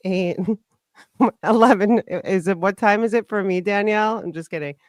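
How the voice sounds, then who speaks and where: Brief: talkative, teasing female host, smooth clear tone, dry sound. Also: mid-range voice, no echo. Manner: chatty, teasing, fast storytelling. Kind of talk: casual chat on a live stream.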